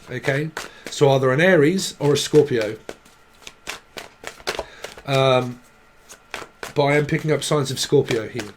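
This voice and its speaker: A man's voice: fairly high pitch, noisy background. Rambling man reading tarot. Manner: rambling, blunt, swears freely. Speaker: tarot reader. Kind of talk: casual tarot reading monologue.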